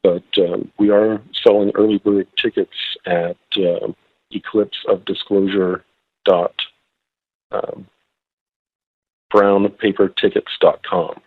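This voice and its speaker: Guy on a phone line, slightly hoarse, kinda low husky voice, lots of ums and restarts. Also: level tone, slow pace, pauses often, no room sound. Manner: hesitant, many fillers and restarts. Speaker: guest on the phone. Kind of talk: phone-in interview.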